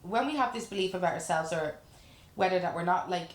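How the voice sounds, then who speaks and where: A woman with a notably low speaking voice talks about her coaching work in an earnest, reflective way, frank enough to swear casually. The room has a noticeable echo. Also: lively intonation, fairly quick. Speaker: life coach guest. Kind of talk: candid casual chat. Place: room in a lash salon. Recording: roomy echo.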